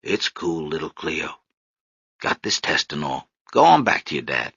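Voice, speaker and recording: A man's voice: fairly high pitch, huge pitch swings, measured pace, sharp tone, husky, dry recording, dull audio, pitched above the performer's own voice, full character voice. A male audiobook narrator voicing a wry young man who is a law student and street-corner activist, teasing and lecturing in an emphatic way. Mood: soft.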